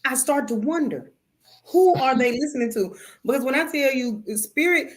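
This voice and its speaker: A woman's voice: high voice, expressive, moderate pace. A woman hosting a spiritual talk show, speaking emphatically and a little preachily, with playful cursing and calling listeners "baby".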